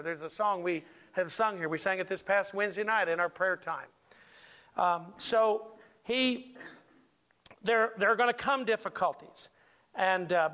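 A man's voice: high voice, bright, forceful tone. A male pastor preaching a sermon in a church, joking with the congregation and stressing lines with emphatic repetition.

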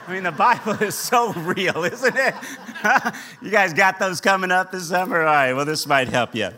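Animated male preacher, bright voice. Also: on the high side, a little slow. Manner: animated, acts out the characters' voices. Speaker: pastor. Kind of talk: sermon.

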